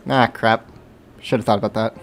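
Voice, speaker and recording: A man's voice: lowish voice, fairly even intonation, moderate pace, faint music behind. A young man chatting casually on a livestream while playing, rambling and talking to himself. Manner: rambling, self-talk with hums and sound effects. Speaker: streamer.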